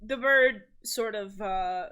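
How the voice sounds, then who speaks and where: A woman narrating as game master, with slow, unhurried pacing and a bright, clear tone. She sets the scene in a measured, descriptive way. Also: mid-range voice.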